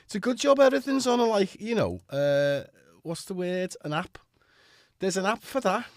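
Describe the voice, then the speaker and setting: A self-mocking man with a Liverpool-tinged British accent chats on a live stream from his home studio. He sounds full of cold, and his lively voice rises and falls a lot. The sound is dry, with no room echo. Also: sits high, normal speed. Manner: chatty, rambling, self-mocking. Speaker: livestream host. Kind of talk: casual live-stream chat.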